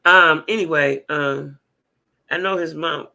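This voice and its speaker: A woman chats with her livestream viewers in a blunt, profane and animated way. Her pitch swings widely, with a gravelly edge and a bright, forceful tone. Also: unhurried. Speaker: livestream host reading viewer comments. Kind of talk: casual livestream chat.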